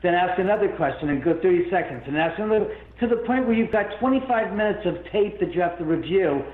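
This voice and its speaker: A man telling a long story as an interview guest, rambling and animated, with many restarts. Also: sits high, quick pace. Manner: rambling, animated, full of restarts and self-quotes. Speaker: guest, haunted-house owner. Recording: phone-like line in an echoey room.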